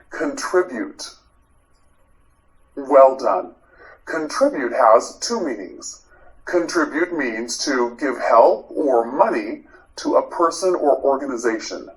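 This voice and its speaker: A mid-range male voice, heard through poor audio quality, leads a slow pronunciation drill. He repeats each English vocabulary word several times and has the learner say it back.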